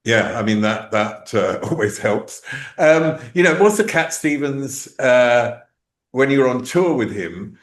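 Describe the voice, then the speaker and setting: A man hosting an interview, talking in a relaxed, musing way with many fillers. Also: medium pitch, unhurried. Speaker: interview host. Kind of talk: conversational interview. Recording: roomy echo.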